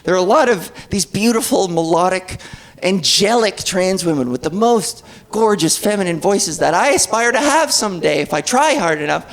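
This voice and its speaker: Her voice sits on the low side, animated and at a normal speed, as this thirtysomething comedian works a live club crowd. The set is wry and self-deprecating, and the audience's laughter can be heard.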